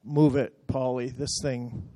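A man's voice: medium pitch, level tone, takes it slowly, dark tone, dry recording, clean studio sound. A man talking a church through slides from a mission trip, chatty and emotional, telling the operator to move on.

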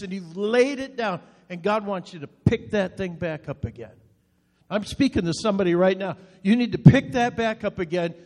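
Brief: male pastor, high voice, earnest sermon delivery with repeated short appeals, long reverb on the voice.

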